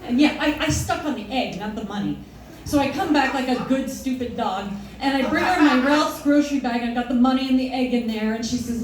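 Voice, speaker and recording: A woman telling a personal story live on stage in an animated, self-mocking way, often laughing through her lines. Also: sits high, brisk, background noise. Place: stage in a hall before an audience. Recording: echoey hall, distant mic, audience.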